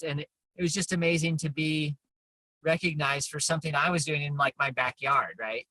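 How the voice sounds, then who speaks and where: A man's voice: fairly high pitch, moderate pace, pushed and bright, dry recording, low-quality recording. A man in his fifties chatting casually as an interview guest, telling stories in a chatty, self-deprecating way. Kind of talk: casual chat.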